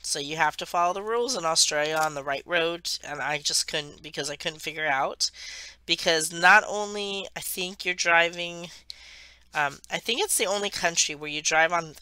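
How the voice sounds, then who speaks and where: A woman's voice: lowish voice, normal speed, bright, forceful tone, clean tone, no room sound. A woman from the United States, hosting a craft channel and rambling chattily through a travel story while she works. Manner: rambling, chatty, self-correcting.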